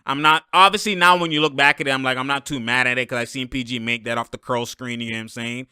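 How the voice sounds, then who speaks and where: A man casually breaking down basketball plays as the host, animated and quick to act out what players say. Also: medium pitch, clear, resonant tone, dry recording, clean studio sound. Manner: animated, quotes players in put-on voices. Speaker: sports commentator.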